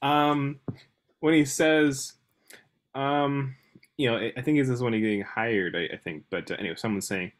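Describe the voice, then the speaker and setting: A man's voice: medium pitch, normal speed. A man in a casual book discussion, talking with lots of hesitation and restarts, sometimes reading passages aloud. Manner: animated, hesitant, many restarts and fillers. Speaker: podcast co-host discussing a novel.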